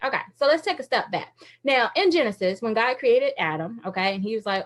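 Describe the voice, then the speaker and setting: High-voiced, animated Christian woman speaker. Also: brisk. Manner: animated, laughs often, shifts into voices for quoted thoughts. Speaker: Christian women's ministry speaker. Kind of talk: motivational faith talk to viewers.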